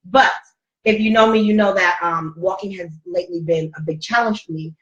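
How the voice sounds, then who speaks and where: A woman's voice: on the low side, a little fast. A middle-aged woman hosting a casual talk show, telling a personal story in a heartfelt, emotional way. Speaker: host. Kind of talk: casual chat. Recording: roomy, distant, dull-sounding mic.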